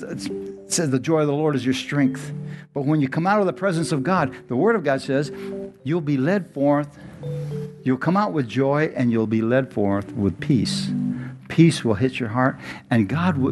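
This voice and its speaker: Excited preaching man over guitar music. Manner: conversational preaching, often rising in pitch and speeding up when excited. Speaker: pastor. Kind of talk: sermon. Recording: music playing behind the voice.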